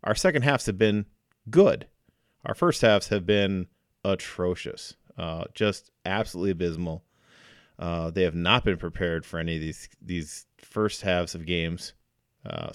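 A man's voice: sits low, a little slow, clear, resonant tone, dry recording, studio quality. A man co-hosting a sports podcast, talking football casually with frequent fillers and restarts. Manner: hesitant, many fillers and restarts.

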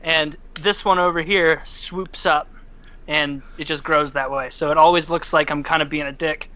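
A man's voice: fairly high pitch, steady tone, normal speed, pushed and bright, lo-fi sound. A man in casual chat who jokes in a dry, self-mocking way.

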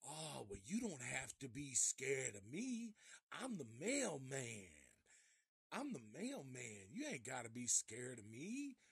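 A man voicing a menacing grown man, a predatory mailman, in a low coaxing tone, while retelling a horror film. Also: very animated, takes it slowly, creaky, breathy edge, no echo, heavily acted.

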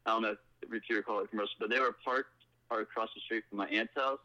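Twenties guy on a podcast, bright edgy voice, muffled lo-fi call sound, rambling story. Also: fairly low pitch, steady tone, fast talker. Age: 20s. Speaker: guest. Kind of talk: casual chat.

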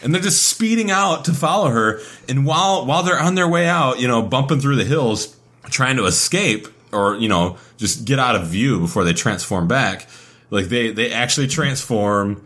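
A man recaps a film with a friend in loose, profane chat. His pitch swings widely as he gets worked up and acts out the characters. His delivery is animated and irreverent. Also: normal speed.

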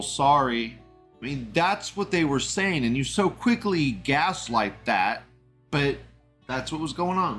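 A man with a slightly high voice hosts a casual live stream, reading out chat messages and riffing on them. He rambles and gets indignant, swears freely and breaks into laughs, with faint music under his talk. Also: lively intonation, takes it slowly, fairly bright tone.

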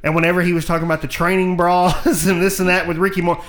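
A man's voice: high voice, level tone, quick pace, fairly bright tone. A man co-hosting a casual podcast chat, talking in an eager, agreeable way like a fan. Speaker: co-host.

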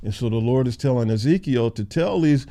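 A man leading a casual Bible study, reading scripture aloud and then explaining it in relaxed everyday words with fillers. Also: medium pitch, fairly quick. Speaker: Bible teacher.

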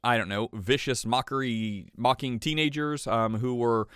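A man's voice: mid-range voice, moderate pace, fairly bright tone, smooth, dry recording. A man hosting his own podcast, talking in a chatty, rambling way and getting a little worked up. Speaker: podcast host. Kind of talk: casual podcast monologue.

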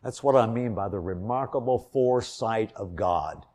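An older man from Indiana preaching an earnest sermon, telling a personal story and swelling louder on key points. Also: lowish voice, moderate pace.

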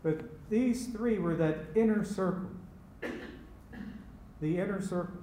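Slow-preaching man, echoey church. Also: high-pitched, mellow, a little hiss or hum. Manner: slow, emphatic preaching with repeated phrases. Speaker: pastor. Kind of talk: sermon. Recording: echoey room with faint ambience.

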